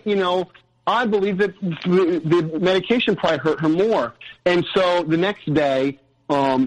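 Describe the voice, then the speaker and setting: A man with a fairly high voice tells his story in casual conversation. He is earnest and rambles through restarts, fillers and side tangents. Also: low-quality recording. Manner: earnest, frequent "you know".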